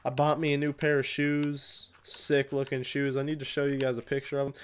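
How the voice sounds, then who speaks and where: A man's voice: mid-range voice, completely flat delivery, a little fast, slight background noise. A young man casually chatting with his viewers during a gaming livestream, rambling and answering chat while he plays. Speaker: live streamer.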